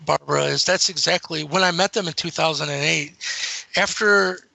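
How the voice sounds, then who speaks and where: A middle-aged man guesting on an interview, telling rambling, animated stories about his encounters. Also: a little high, moderate pace, vocal fry, no room sound, poor audio. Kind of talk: casual storytelling.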